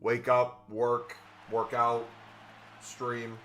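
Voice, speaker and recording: Bright-voiced man chatting casually on stream. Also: medium pitch, monotone, very slow, faint music behind. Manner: rambling, filler-heavy, eats while talking. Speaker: gaming streamer.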